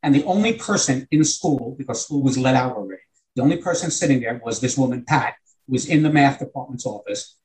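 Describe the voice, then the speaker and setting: A man's voice: mid-range voice, lively intonation, brisk, a little mellow, poor audio. An older man with a New York accent, a retired teacher telling a long, earnest anecdote in conversation. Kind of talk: conversational storytelling.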